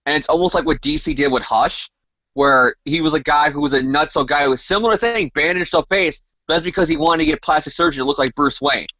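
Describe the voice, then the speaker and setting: Bright-voiced man speculating over a dry mic. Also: a little high, quick pace, no room sound, lo-fi sound. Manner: animated, speculative, emphatic. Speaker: co-host. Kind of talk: casual comic book discussion.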